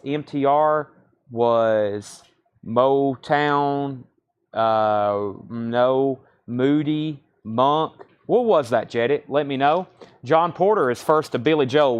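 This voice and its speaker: Brief: male host of a live record sale, mid-pitched, brisk auction patter calling bids and prices. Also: clear, resonant tone. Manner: brisk running auctioneer-style calls, reading bids and prices. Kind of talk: live-stream sales patter.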